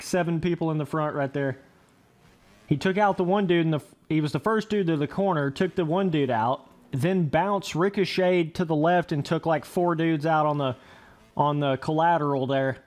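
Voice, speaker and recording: Young guy hyped up narrating his racing game, laughs a lot, talks trash, bit of a high voice. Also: normal speed. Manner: excitable, laughing, trash-talking. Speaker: gaming commentator. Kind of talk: casual gameplay commentary.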